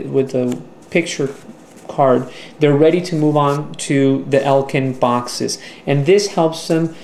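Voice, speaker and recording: A man talking through a teaching strategy in an instructional video, slow and deliberate, with the odd filler. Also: a little high, darkish tone, a little hiss or hum. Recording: echoey room with faint ambience.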